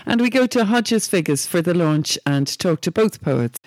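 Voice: mid-range voice, lively intonation, moderate pace, no echo. Enthusiastic co-host, dry studio sound. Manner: enthusiastic, engaging, asks questions. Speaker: co-host of a books show. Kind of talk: literary radio chat and poem reading.

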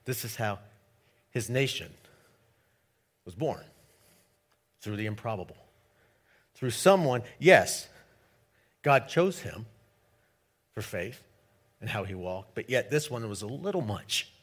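A male pastor reading scripture and preaching, animated and jokey, swinging between loud and hushed delivery. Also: on the low side, slow pace, pauses often, husky.

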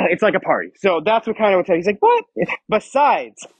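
A man's voice: sits high, very animated, brisk, breathy edge, no room sound. A young man preaching to middle schoolers, playful and joking with them as he reads scripture aloud. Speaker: youth pastor. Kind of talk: youth sermon. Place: church youth room. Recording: dull lo-fi sound.

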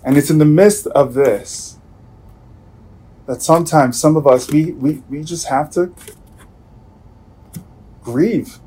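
A man preaching a sermon as pastor, earnest and searching, often repeating himself and letting sentences fall away quietly. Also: fairly high pitch, slow, long pauses, husky, low-quality recording. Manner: earnest, with many restarts and soft trailing endings.

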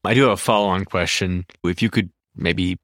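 A man's voice: low-pitched, fairly even intonation, brisk, a bit bright, no echo, clean studio sound. A man asking the host questions in a mild, plain way. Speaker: guest interviewer.

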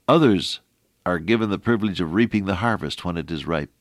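A middle-aged man preaching a folksy radio sermon, quoting scripture in an animated way. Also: sits low, fairly quick, no echo, clean studio sound.

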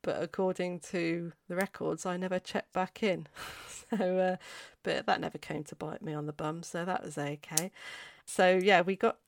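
A woman's voice: fairly low pitch, fairly even intonation, normal speed, vocal fry, no room sound. A woman in her forties, hosting a podcast and telling a chatty, rambling story full of tangents. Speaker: podcast host. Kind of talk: casual storytelling.

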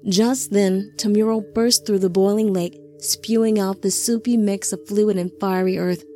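A woman narrating an audiobook in a steady, measured storytelling voice. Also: medium pitch, soft background music. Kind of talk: scripted narration.

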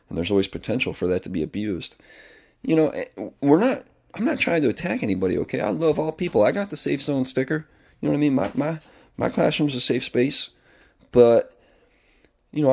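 A man's voice: on the low side, gravelly, a little mellow. A man who works as a kindergarten teacher, talking candidly in a rambling personal monologue, often restarting his sentences and swearing casually. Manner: rambling and confessional, with frequent restarts.

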